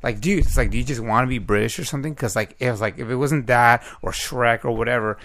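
Gravelly man rambling in dry sound. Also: mid-range voice, fast, a bit bright, dry recording. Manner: rambling, musing. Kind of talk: casual chat.

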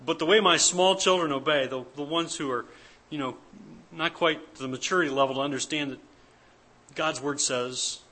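A man's voice: mid-range voice, fairly quick, sharp tone. A man preaching an earnest, emphatic church sermon as pastor, repeating his key points. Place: church service.

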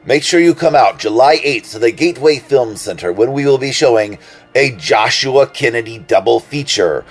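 A man's voice: mid-range voice, lively intonation, normal speed, faint music behind. Doctor Bob Tesla, a man doing a showy joke-teller. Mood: jovial. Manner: theatrical self-introduction, joke-telling. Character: showy adult male joke-telling doctor. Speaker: recurring joke segment presenter.

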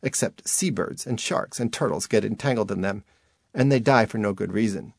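A solid, earnest village woman, read by a man speaks in plain, matter-of-fact lectures. The low voice stays close and dry, with little change in pitch. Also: moderate pace, creaky, no room sound.

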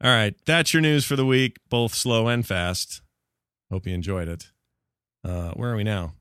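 A man hosting a casual gaming news podcast, talking quickly with sarcastic asides. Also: fairly low pitch, fairly even intonation, a bit bright, clean tone, no room sound, clean studio sound. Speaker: podcast host.

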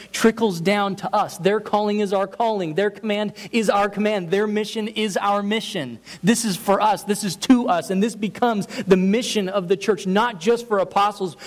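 A man's voice: high voice, a little mellow, rough recording. A man preaching a sermon as pastor, earnest and emphatic, building points through repeated phrases. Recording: faint hiss.

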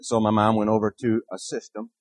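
A man's voice: on the low side, completely flat delivery, a little fast, dry recording. A man preaching a conversational sermon as a minister, earnest, repeating key phrases and putting questions to the congregation.

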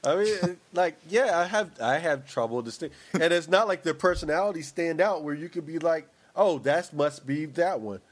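A man's voice: on the high side, brisk, hardly any pauses. A man in casual chat, talking in a rambling, opinionated way with many restarts.

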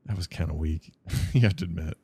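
A man's voice: low-pitched, steady tone, fairly quick, a little mellow, breathy edge, no echo. A man co-hosting a podcast in casual chat, joking around and laughing often. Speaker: podcast co-host.

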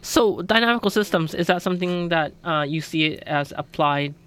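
A man's voice: on the high side, moderate pace, a bit bright, clean tone. A man hosting a radio talk show in a studio, asking questions in an easygoing, informal way.

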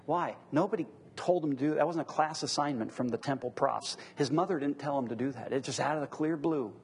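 A man's voice: medium pitch, fairly quick, vocal fry, breathy edge, big-room sound. A middle-aged man leading a church class discussion, teaching earnestly through rhetorical questions.

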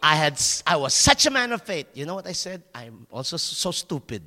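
A pastor preaching a sermon tells a personal story with animation, laughing at himself and stumbling over restarts. His voice is a little high and brisk, trailed by a long reverb.

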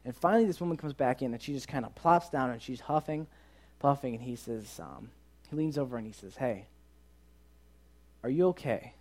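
A young man who leads a youth ministry tells a story in a sermon, speaking fast in a medium-pitched voice. He's animated and acts out the voices and quoted dialogue of the people in the story.

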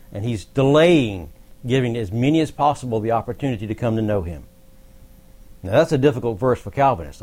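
A man's voice: mid-range voice, a little mellow. A man teaching a Bible study, explaining verses in a conversational way with asides to the group. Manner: conversational, explanatory, occasional laughs.

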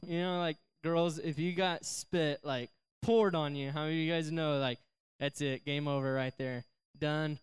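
A man's voice: a little high, fairly even intonation, moderate pace, clean tone. A young adult man giving a casual youth sermon, chatty and joking as he tells a story to a live group in a church service. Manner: chatty, joking, slips into silly voices for characters. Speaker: youth pastor.

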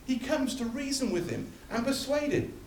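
A man's voice: very high-pitched, expressive, normal speed, darkish tone, a little hiss or hum. A man preaching a sermon, emphatic and building through repeated phrases, recorded from a distance in a church hall. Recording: echoey hall from far off.

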